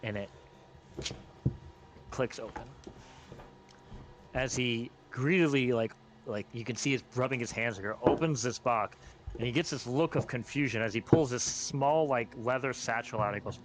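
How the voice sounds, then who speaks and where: A man running a tabletop game, casual and halting. His voice sits in the middle of the range. A faint hiss runs under the recording. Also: medium pitch. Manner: casual, hesitant, many fillers. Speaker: game master.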